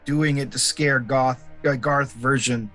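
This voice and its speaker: A man joking around during a casual tabletop game session, quick to laugh. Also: medium pitch, steady tone, sharp tone, faint music behind. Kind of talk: casual chat between game turns.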